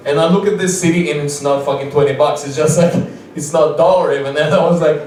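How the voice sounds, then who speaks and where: Young stand-up, rambling and giggly, fairly high voice, very echoey room. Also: male voice, steady tone, fast talker, darkish tone, slight background noise. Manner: rambling, laughing often, frequent restarts. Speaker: stand-up comedian. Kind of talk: stand-up comedy storytelling. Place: open mic club. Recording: echoey room, mic far off.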